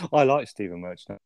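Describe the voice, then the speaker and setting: A man chatting casually as a film podcast co-host, often ending with tag questions and swearing now and then. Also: mid-range voice. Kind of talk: casual film review chat.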